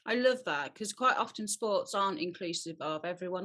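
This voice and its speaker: A woman's voice: fairly low pitch, expressive, moderate pace, fairly bright tone. A woman hosting an interview about dog training in an upbeat way, laughing often. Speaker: host.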